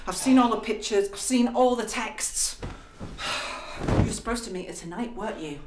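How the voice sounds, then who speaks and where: An actress playing a betrayed young fiancee, bitter and shouting accusations. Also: female voice, fairly high pitch, fairly even intonation, a little slow, lightly acted. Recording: roomy, noisy.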